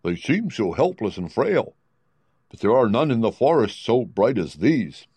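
A man voicing a soft-hearted, timid male lion in a storybook reading, in a fuller, gentle voice. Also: medium pitch, very animated, a little slow, husky, no echo.

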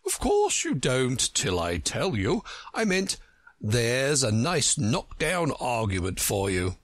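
A man reading a storybook aloud, voicing a pompous, scornful know-it-all who speaks in a lively, lilting way. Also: mid-range voice, slow pace, dry recording, full character voice.

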